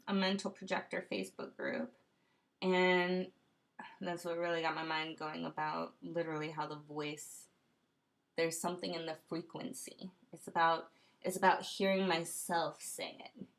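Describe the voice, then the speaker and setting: Female vlogger, home webcam, casual monologue, gravelly fry, self-questioning ramble. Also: medium pitch. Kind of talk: casual late-night monologue to camera. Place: room at home. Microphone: computer webcam.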